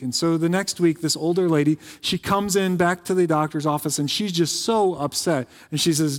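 Male pastor chatting through a sermon, bit high voice, echoey church hall, lots of ums and restarts. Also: moderate pace, few pauses. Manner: conversational, joking, many fillers and restarts. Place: church sanctuary with a congregation. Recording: reverberant sanctuary.

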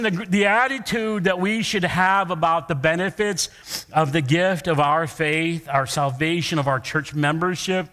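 Middle-aged man, pastor, casual conversational sermon, slightly high voice, long reverberant hall. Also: sharp tone. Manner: conversational, jokes with congregation. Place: church sanctuary.

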